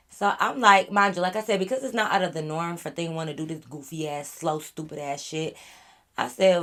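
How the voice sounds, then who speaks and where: A woman vlogger telling a storytime in a casual, animated, profane and exasperated way. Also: lowish voice, brisk.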